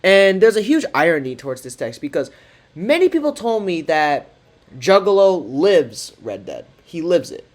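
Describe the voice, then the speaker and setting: A man's voice: on the high side, very animated, normal speed. A man giving casual commentary, reading out text messages in a sarcastic, mocking way. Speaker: commentary creator.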